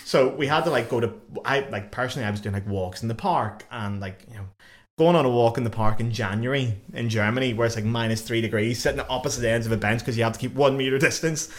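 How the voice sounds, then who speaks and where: A young man hosts a podcast in loose, casual chat. He talks quickly and tells stories with lots of laughter, breaking into voices for the people he quotes. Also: medium pitch. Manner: animated, laughing, swearing, acts out quotes. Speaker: podcast host.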